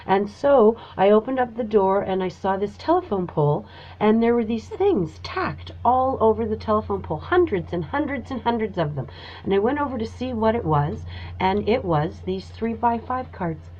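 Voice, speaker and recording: A woman hosting her own show, telling a personal story in a casual, animated way with lots of fillers. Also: mid-range voice. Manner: animated, emphatic, many fillers. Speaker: host. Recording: dull lo-fi recording.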